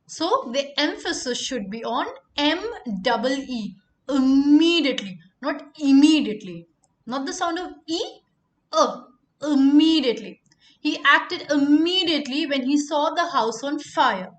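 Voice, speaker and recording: A woman teaching pronunciation, repeating each word slowly for emphasis. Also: sits high, animated. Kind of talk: pronunciation lesson.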